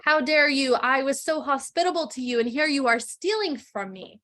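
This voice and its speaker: A woman's voice: high-pitched, lively intonation, normal speed, sharp tone, voice pushed up. A woman voicing an angry, grotesque male beast in a casual fairytale retelling, scolding in a mock-indignant tone.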